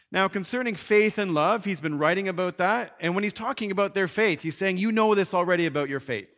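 A man preaching in an earnest, emphatic way, his voice sitting a little higher than most men's. The sound is dull and a bit muffled, with a long reverb trailing off each phrase in a church sanctuary. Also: brisk, a bit bright. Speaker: pastor. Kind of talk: sermon.

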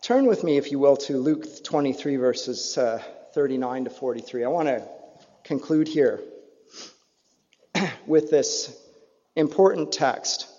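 A man preaching a sermon earnestly, his voice rising to emphatic peaks and dropping low again. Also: measured pace, long pauses, warm tone. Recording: dull lo-fi sound in a reverberant hall.

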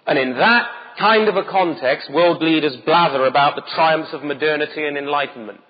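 Husky, urgent male preacher. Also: a little high, normal speed, in a large hall, lo-fi sound. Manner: urgent, emphatic, rhetorical questions. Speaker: pastor. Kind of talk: sermon.

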